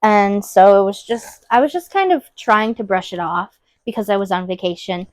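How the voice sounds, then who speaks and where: Young woman podcast cohost, soft and open, lots of "like", dry sound. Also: medium pitch, normal speed, no room sound. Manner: open, soft-spoken storytelling with many "like" fillers. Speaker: podcast co-host. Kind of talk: casual heart-to-heart chat.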